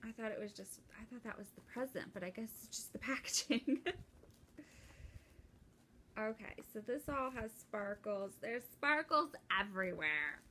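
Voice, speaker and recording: A young woman chatting casually and excitedly while opening a gift at home, rambling with lots of fillers and restarts. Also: on the high side, moderate pace, a little hiss or hum. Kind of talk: casual unboxing chat.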